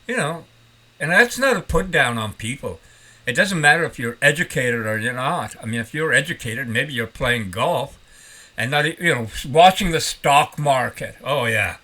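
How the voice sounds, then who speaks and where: A retired older man rambling in a folksy, animated way as he talks to his vlog audience. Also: fairly high pitch. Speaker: vlogger. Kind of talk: casual vlog talk.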